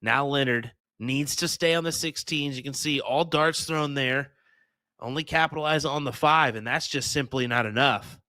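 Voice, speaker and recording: A man's voice: medium pitch, moderate pace, pushed and bright, no room sound. A man commentating a live darts match, giving chatty, upbeat analysis.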